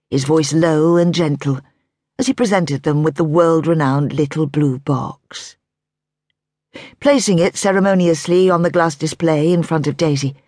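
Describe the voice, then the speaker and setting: A woman reading a novel aloud on a close studio mic, her voice slightly low-pitched and a touch husky. She tells the story in a measured, expressive way, and the booth sounds dry and close. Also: dry recording. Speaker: audiobook narrator. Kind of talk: scripted audiobook narration.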